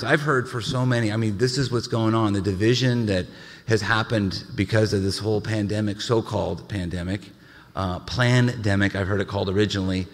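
A male pastor preaching a sermon, animated, with frequent stammered restarts and joking asides. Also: lowish voice, a little fast. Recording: reverberant hall.

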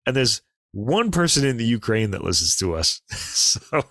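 A man co-hosting a casual podcast, chatting about classical recordings in a relaxed way with fillers and asides. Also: medium pitch, normal speed, no room sound, studio quality. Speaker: podcast co-host.

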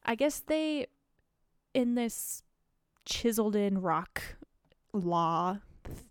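A woman's voice: mid-range voice, expressive, takes it slowly, clear, resonant tone, no room sound, clean studio sound. A young woman co-hosting a podcast, chatting casually and rambling with lots of fillers. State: has the hiccups. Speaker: podcast co-host. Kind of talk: casual chat.

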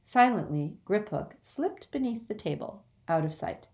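A woman narrating a storybook aloud in a measured, expressive way. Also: mid-range voice, vocal fry. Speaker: audiobook reader.

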